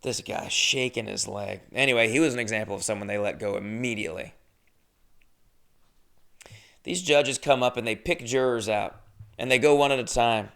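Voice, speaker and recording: A man tells a story in a casual, rambling way, swearing often and joking along. His voice is gravelly yet resonant and smooth. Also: mid-range voice, fairly quick, a bit bright. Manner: profane, rambling and jokey. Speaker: podcast host telling a story.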